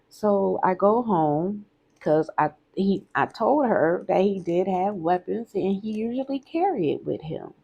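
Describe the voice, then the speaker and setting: Woman, candid storytime vlog, husky, gravelly low voice, emphatic. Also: lively intonation, measured pace, mellow, lo-fi sound. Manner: candid, conversational, emphatic repeats.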